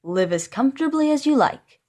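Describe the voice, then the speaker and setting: A clever young scholar, calm and sure of himself, talking a little lower than the narration around him, voiced by a woman reading a storybook. He stays level even when his father scolds him. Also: a little fast.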